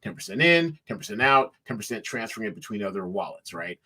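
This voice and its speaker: Guy rambling through a story in an interview, lots of ums and restarts, bright sharp tone. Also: on the low side, sing-song, fast talker. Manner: rambling storyteller, many fillers and restarts, laughs easily. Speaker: guest, company founder. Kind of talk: casual interview talk.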